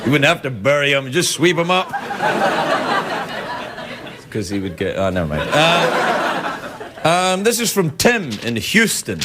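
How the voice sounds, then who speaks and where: Man hosting late-night TV, teasing and rambling over viewer letters, lively pitch, loud studio audience. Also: a little slow, long pauses, over a noisy crowd, very noisy. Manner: rambling, teasing, self-interrupting. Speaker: late-night talk show host. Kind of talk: comic monologue reading viewer mail. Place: television studio with live audience.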